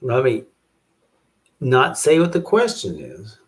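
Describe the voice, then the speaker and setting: A man hosting a show, thinking aloud in a halting, musing way as he works out verses, repeating phrases to himself. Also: wildly swooping pitch. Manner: slow, low-key, self-questioning. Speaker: podcast host writing rhymes. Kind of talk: casual thinking aloud while writing verses.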